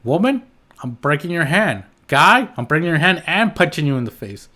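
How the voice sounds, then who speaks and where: A man's voice: on the high side, big pitch swings, normal speed, sharp tone. A man hosting his own podcast, ranting in a heated, rambling way with blunt swearing and frequent restarts. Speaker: podcast host. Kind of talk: solo podcast rant.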